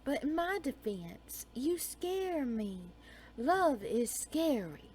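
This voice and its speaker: A woman storyteller with a fairly high voice reads a dark romance tale at a very slow, unhurried pace. Her delivery is soft and dreamy, and she sometimes sinks into a whisper. A faint hiss of noise sits under her voice. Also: very animated.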